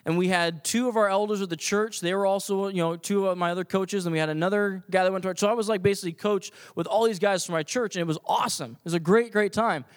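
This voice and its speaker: A man telling a personal story to an audience in an animated, self-deprecating way, full of fillers and restarts. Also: high voice, quick pace, few pauses. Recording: long hall reverb.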